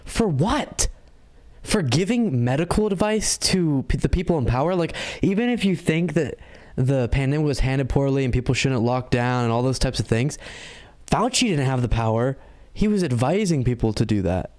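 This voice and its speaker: A man at an ordinary middle pitch hosts a live stream and reacts to clips as they play. He talks in a loose, conversational way, explaining his points and pushing back on what he hears. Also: expressive, normal speed, darkish tone. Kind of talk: live commentary.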